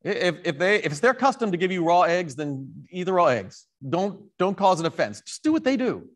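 A man with a somewhat high voice delivers a sermon in a church in a loose, conversational way. He is animated and stops to correct himself, with asides to the congregation. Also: normal speed. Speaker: priest and rector.

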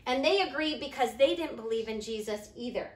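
A woman teaching preschoolers online, telling a Bible story in a gentle, sing-song way. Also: a little high, lively intonation, heavy background noise. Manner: gentle, sing-song, talking slowly to small kids. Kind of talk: storytelling to young children. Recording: echoey room.

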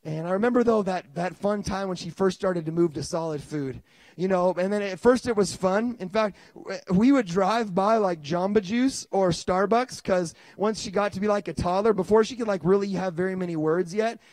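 A man in his thirties preaching a sermon as pastor, telling stories with lively restarts and bursts of excitement. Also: high voice, normal speed, no echo. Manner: animated storytelling with many restarts.

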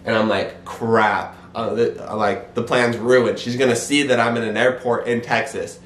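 A young man in his twenties, a vlogger telling a story in an animated way, acting out his own quoted lines. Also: on the low side, normal speed, roomy sound, a little hiss or hum. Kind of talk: casual storytelling.

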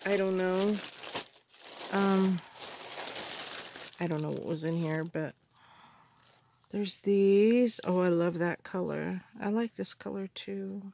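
A woman in a casual craft haul video, gushing with excited gasps and exclamations over the supplies she unpacks. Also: medium pitch, takes it slowly, gravelly, pauses often. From Canada. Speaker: crafter unboxing mail.

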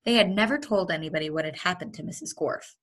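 Brief: woman teacher, children's read-aloud, breathy and expressive. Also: fairly low pitch, fast. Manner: lively and expressive, with chuckles. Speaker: teacher reading to her students.

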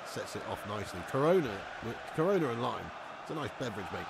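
A man's voice: mid-range voice, big pitch swings, fast talker, gravelly, background noise. A man chatting casually on a gaming live stream, full of slang and frequent laughs. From England. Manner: chatty, slangy, laughs often, reads out chat.

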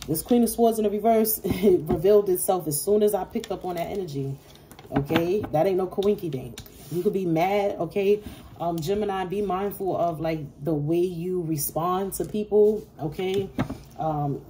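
Blunt low-voiced woman reading tarot. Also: normal speed, warm tone, a little hiss or hum. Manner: blunt, swearing, talks straight to viewers. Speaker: tarot reader. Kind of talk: casual intuitive tarot reading.

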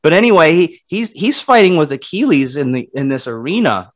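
A man co-hosting a casual movie review podcast, retelling scenes in an animated, rambling way with frequent restarts. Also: fairly high pitch, brisk. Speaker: podcast co-host.

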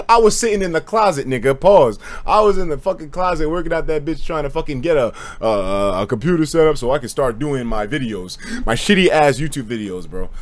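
A young man chatting on a livestream, his voice sitting a bit high and swinging widely in pitch as he tells stories. He laughs often and swears freely, loose and animated the whole way. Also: fairly quick. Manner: animated storytelling with frequent laughter and profanity. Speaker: streamer. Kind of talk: casual stream chat.

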